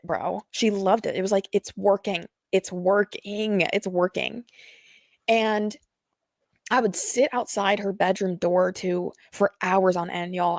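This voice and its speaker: A woman's voice: medium pitch, a little mellow, no room sound. A young woman telling a painful personal story to her viewers, rambling and slangy with many fillers, nervous and close to tears. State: nervous, sweating.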